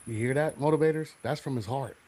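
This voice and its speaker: Male podcast host, mid-pitched, fervent preacher-like motivational delivery. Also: fast, mellow.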